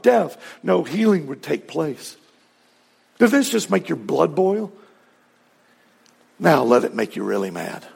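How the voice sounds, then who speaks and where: Gravelly high-voiced pastor preaching. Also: male voice, a little mellow, big-room sound. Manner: earnest, rising to emphatic peaks. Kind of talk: sermon.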